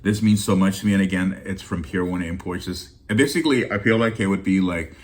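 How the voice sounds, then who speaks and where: A deep-voiced man hosts a bargain-haul channel in a loose, casual vlog chat. He is teary-eyed and sincere, rambling and restarting his sentences as he talks straight to his viewers. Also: a little fast. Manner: heartfelt and rambling, with many restarts. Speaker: deal-hunting channel host.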